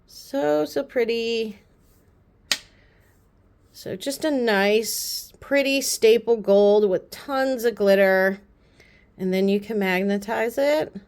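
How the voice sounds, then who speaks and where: A woman with a fairly high voice chats casually to her camera. She gushes and rambles, drifting into quick self-aware asides. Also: darkish tone. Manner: chatty and gushing, repeats "pretty" often. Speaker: beauty vlogger. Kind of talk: casual haul chat to camera.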